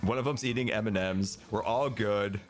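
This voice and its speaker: A man's voice: moderate pace, faint music behind. A man in his thirties casually telling a story as podcast co-host, acting out other people's voices. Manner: animated, acts out other people's voices with big pitch jumps.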